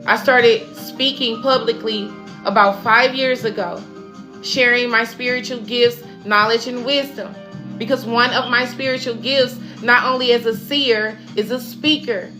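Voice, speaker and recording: A woman's voice: on the high side, fairly even intonation, a little slow. A woman giving an oracle card reading to her audience, emphatic and preachy, with casual slang. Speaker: spiritual reader. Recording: music playing behind.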